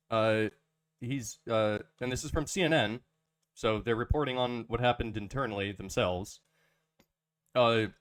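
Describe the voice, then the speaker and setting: A man hosting a casual podcast, talking in halting bursts with many restarts and fillers, reading an ad in a joking tone. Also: mid-range voice. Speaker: podcast host.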